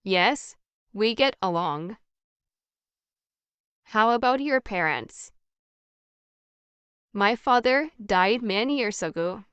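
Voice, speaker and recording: Woman, scripted conversation reader, very unhurried pace, dry close sound. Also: mid-range voice, animated, fairly bright tone, clear, resonant tone, dry recording, dull audio. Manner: slow, evenly paced, carefully articulated. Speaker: English practice dialogue voice.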